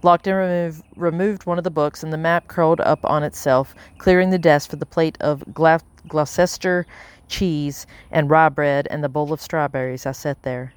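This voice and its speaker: A woman reading a novel aloud as an audiobook narrator, measured and steady, lightly voicing the characters. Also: low-pitched, smooth, dry recording. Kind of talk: scripted narration.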